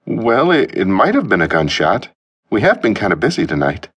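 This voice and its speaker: A man's voice: mid-range voice, sing-song, normal speed, fairly bright tone, breathy edge, pitched above the performer's own voice, full character voice. A male narrator voicing a nervous, hapless young man who stammers and sounds flustered.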